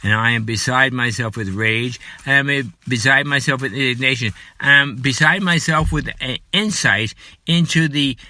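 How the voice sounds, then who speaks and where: A man delivering an angry political rant, shouting and repeating himself, then quieting down to apologize for his anger. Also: dry recording. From United States. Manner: furious, shouting, repetitive, later apologetic and lower. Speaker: political commentator.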